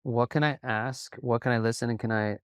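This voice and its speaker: A man who coaches in sales, a guest on a podcast, talking calmly and steadily as he tells stories. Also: mid-range voice, smooth, no echo, clean studio sound. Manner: calm, even delivery with quick bursts of storytelling. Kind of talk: conversational interview.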